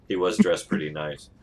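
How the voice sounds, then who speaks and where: A man narrating as game master of a tabletop game, relaxed and laughing often, with many ums. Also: very deep voice, a little hiss or hum.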